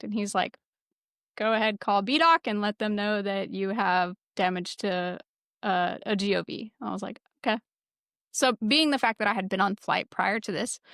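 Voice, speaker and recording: A woman podcast host telling a casual story with lots of swearing, lively and laughing as she goes. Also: medium pitch, dry recording, studio quality. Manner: profane, lively, laughs while telling stories. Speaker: former military security forces sergeant.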